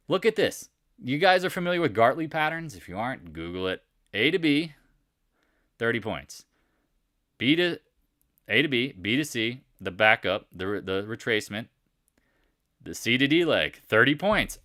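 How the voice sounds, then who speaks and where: A man's voice: medium pitch, normal speed, pauses often, no room sound, clean studio sound. A middle-aged man hosting a casual live stock market recap, joking and mimicking imagined viewers in put-on voices. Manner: animated, jokey, mimics imagined viewers and accents.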